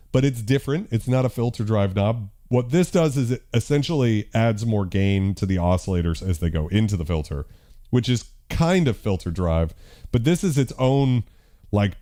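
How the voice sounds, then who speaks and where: Mellow-voiced man casually demoing synths. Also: medium pitch. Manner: loose, profane, self-deprecating, thinking aloud with fillers. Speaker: host demonstrating synthesizers. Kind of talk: casual live-stream demo.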